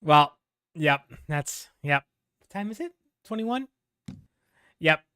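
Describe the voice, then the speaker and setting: Excitable, bright-voiced game streamer man. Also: a little high, slow pace, clean tone, no room sound, clean studio sound. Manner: chatty, excitable, swears and laughs at own mistakes. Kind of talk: live gameplay commentary.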